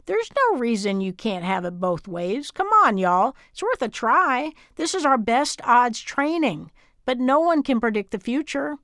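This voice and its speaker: A woman's voice: a little high, big pitch swings, unhurried, a bit bright, dry recording, clean studio sound, heavily acted. A woman voicing an earnest young woman at pageant training, speaking in a folksy, encouraging way. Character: upbeat young Southern woman pageant hopeful.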